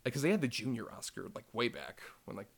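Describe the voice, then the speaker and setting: A man co-hosting a casual film podcast, chatty and quick with joking asides. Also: mid-range voice, big pitch swings, vocal fry. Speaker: podcast co-host.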